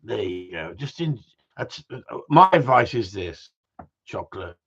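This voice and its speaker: A man's voice: on the low side, sing-song, measured pace, vocal fry, a bit bright, slightly rough. A man hosting a casual live stream about gundogs, bantering, swearing and reading out viewer messages. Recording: dull lo-fi sound.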